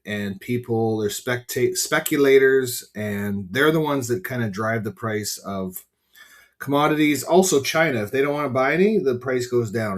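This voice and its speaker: A middle-aged Canadian farmer hosting a casual livestream podcast, rambling and frank, swearing casually and talking to viewers by name. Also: male voice, medium pitch.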